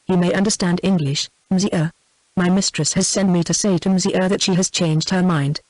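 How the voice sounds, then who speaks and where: A woman's voice: on the low side, fairly even intonation, moderate pace, darkish tone, dry recording, lightly acted, low-quality recording. A woman's synthetic text-to-speech voice reading the lines of a young French lady's maid in a storybook. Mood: plain.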